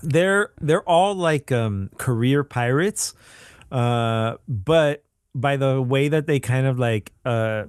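A man's voice: mid-range voice, takes it slowly, clear, resonant tone, dry recording. Rambling man on a dry home mic. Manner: rambling, searches for words with many fillers. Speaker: podcast co-host. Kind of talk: casual chat. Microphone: home microphone on a call.

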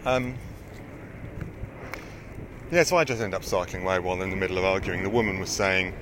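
A man spins a casual, rambling anecdote, swearing freely and laughing along the way. His pitch jumps around a lot as he talks, and faint noise hums under the recording. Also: expressive, normal speed, pauses often. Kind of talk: casual storytelling chat.

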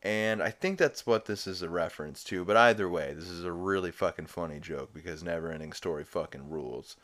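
A man's voice: low voice, a little fast, fairly bright tone. A man hosting a podcast, giving a rambling, profane, amused recap of a cartoon episode. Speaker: podcast host.

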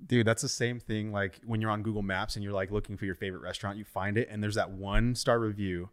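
A man's voice: fairly low pitch, fairly even intonation. A man hosting a casual podcast, agreeing readily and chiming in often. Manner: agreeable, quick backchannels. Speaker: podcast host.

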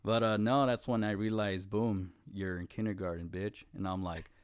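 A man's voice: fairly low pitch, fairly even intonation, moderate pace, clean tone. A young man in his twenties from Los Angeles, hosting a casual chat and telling stories full of swearing and acted-out quotes. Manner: profane, laid-back storytelling with acted-out quotes.

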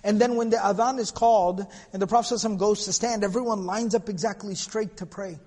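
A man giving a religious history lecture, telling the story in an animated way and quoting Arabic phrases. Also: high voice, rapid-fire. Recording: long hall reverb.

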